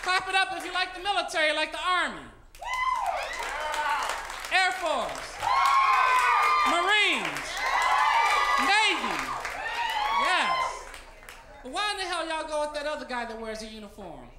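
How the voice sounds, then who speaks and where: A man's voice: extremely high pitch, lively intonation, fast, hardly any pauses, heavy background noise. A man doing a stand-up comedy set on a club stage, brash and teasing the audience, on a handheld mic. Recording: roomy club with loud crowd.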